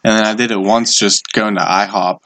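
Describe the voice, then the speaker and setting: A man's voice: lowish voice, steady tone, moderate pace, fairly bright tone. A young man co-hosting a casual podcast, talking bluntly and swearing a lot. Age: young adult. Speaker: podcast co-host. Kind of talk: casual chat.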